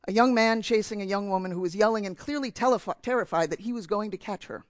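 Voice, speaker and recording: A man's voice: high-pitched, quick pace, dry recording. A man from New Jersey giving a sermon in church, telling a candid, self-mocking story about himself. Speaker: preacher.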